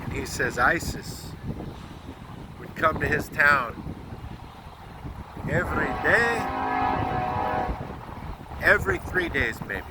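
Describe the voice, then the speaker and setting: An American man with a somewhat high voice tells a heartfelt story outdoors, his voice close to breaking. He is earnest and blunt, and he swears now and then. Loud wind noise hits the microphone throughout. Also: lively intonation, takes it slowly, long pauses. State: close to tears. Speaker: truck driver vlogger. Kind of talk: emotional storytelling vlog.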